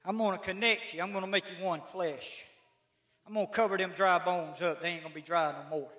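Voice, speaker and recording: A middle-aged man preaching a sermon in a church, folksy and rising to shouts. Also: sits high, steady tone, a little fast. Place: church sanctuary. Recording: echoey church livestream.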